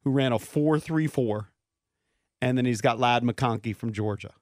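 A man's voice: mid-range voice, normal speed, a little mellow, no echo, studio quality. A man co-hosting a sports radio show, casually reading out player stats and rankings. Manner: reads stats and lists off prospects.

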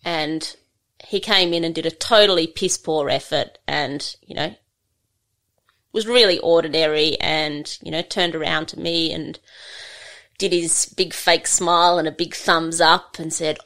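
Australian woman, low voice, gravelly, relaxed rambling storyteller. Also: unhurried. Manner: relaxed, rambling, many fillers. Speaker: livestock handling trainer. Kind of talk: conversational storytelling.

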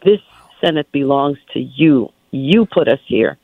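A woman's voice: rumbling low, measured pace, no room sound. A woman phones in to a political radio show, speaking emphatically and with plenty of animation. Her voice comes through a narrow, tinny phone line. The sound is dry and close. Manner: emphatic, animated, preacherly calls to action. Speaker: lieutenant governor, guest.

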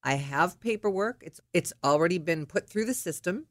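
A middle-aged woman telling a personal story in a lively, indignant way. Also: lowish voice, normal speed, dry recording, clean studio sound. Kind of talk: personal anecdote.

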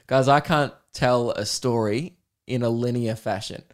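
A man's voice: mid-range voice, measured pace. A man with an Australian accent, hosting a comedy podcast and telling a rambling story while laughing. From Melbourne, Australia.

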